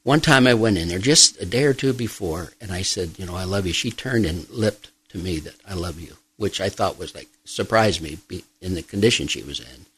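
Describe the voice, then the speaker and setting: Middle-aged male pastor, low-voiced, gentle and reflective, unhurried testimony with pauses. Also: expressive, breathy edge, low-quality recording. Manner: soft-spoken, reflective, pausing often. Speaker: pastor and grief counselor, guest. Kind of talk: personal testimony in an interview.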